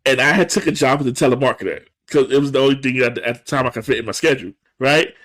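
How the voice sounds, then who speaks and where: Racing along in a mid-range voice, a podcast co-host breezily summarizes a TV episode. He's full of energy, jumping from voice to voice as he acts out the characters.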